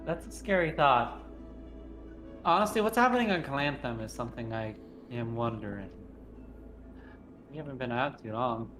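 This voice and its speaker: A man's voice: medium pitch, expressive, moderate pace, pauses often, fairly bright tone, faint music behind. A man playing a tabletop game, asking question after question in a doubtful, incredulous way. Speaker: player. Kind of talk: tabletop game chat, in and out of character.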